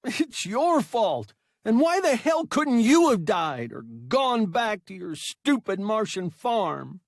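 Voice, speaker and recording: A man's voice: very animated, slow pace, no echo, studio quality, exaggerated voice. A man putting on a thin whining young pilot. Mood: hysterical. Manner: shrill outbursts. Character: injured young male pilot, bitter and hysterical.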